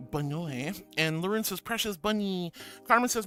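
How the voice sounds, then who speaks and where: A woman's voice: medium pitch, animated, normal speed, pushed and bright, soft background music. A woman VTuber streamer in casual live-stream chat, playful and affectionate, giggling as she greets viewers and reads their messages aloud.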